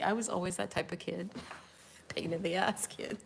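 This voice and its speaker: A woman's voice: on the low side, lively intonation, fairly quick, gravelly. A woman in her fifties from Jamaica, with a Jamaican accent, chatting casually on a live stream as a spiritual life coach. She tells stories animatedly, acts out quotes and laughs often.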